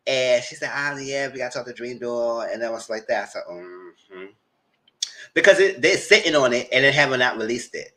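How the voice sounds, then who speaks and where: A man giving casual, chatty recap commentary on a reality show, often jumping into a high voice to mimic people. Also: moderate pace. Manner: chatty, animated, mock-quotes people in a high voice. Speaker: TV recap host.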